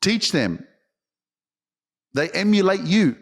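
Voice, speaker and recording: A man's voice: high voice, big pitch swings, slow pace, gravelly. A man hosting a podcast, talking in an intense, emphatic motivational monologue full of swearing. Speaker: podcast host.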